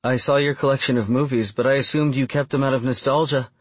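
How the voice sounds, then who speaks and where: A man voicing an eager, playful young woman in an audiobook, with lively rising questions. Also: mid-range voice, fast, slightly rough, dry recording, voice pushed up, natural voice. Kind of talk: audiobook character voice.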